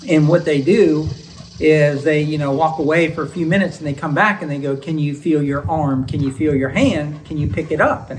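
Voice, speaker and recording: A man's voice: a little high, far from the mic, slight background noise, poor audio. A middle-aged man, a homestead channel co-host, casually telling about his surgery with an easygoing, joking manner. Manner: easygoing, joking, chuckles between phrases. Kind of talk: casual recovery story vlog.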